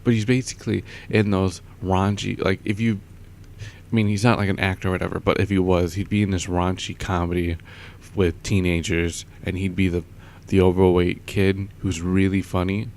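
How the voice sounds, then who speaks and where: Low-voiced young man rambling casually. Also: little pitch movement, normal speed, a little mellow, slight background noise. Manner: rambling, chuckles often, many fillers. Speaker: vlogger. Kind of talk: casual storytelling.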